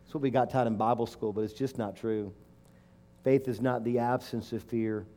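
A man's voice: mid-range voice, steady tone, normal speed, mellow. A middle-aged man preaching a sermon and telling a personal story, emotional and emphatic, rising to fervent declarations.

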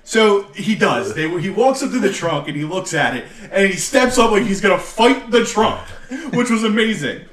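A man co-hosting a casual podcast, recapping a segment with animated, excitable storytelling. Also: high-pitched, moderate pace, few pauses. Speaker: podcast co-host. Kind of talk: casual wrestling podcast chat. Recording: echoey room, distant mic.

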